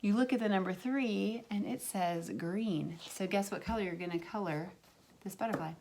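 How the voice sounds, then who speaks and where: A woman's voice: medium pitch, moderate pace, darkish tone, a little hiss or hum. A woman teaching a remote lesson to young children as their kindergarten teacher, drawing out words in a sing-song way.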